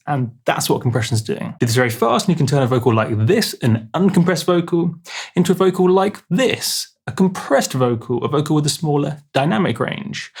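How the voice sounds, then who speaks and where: A man's voice: a little high, slightly rough. A man explaining music production in a casual video tutorial, chatty, with jokey asides and restarts.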